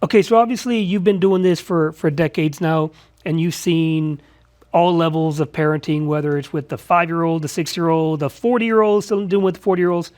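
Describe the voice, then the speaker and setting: A man's voice: fairly high pitch, moderate pace, a little mellow. A man hosting an interview show, asking framing questions and backing up his guest with frequent short affirmations. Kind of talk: conversational interview.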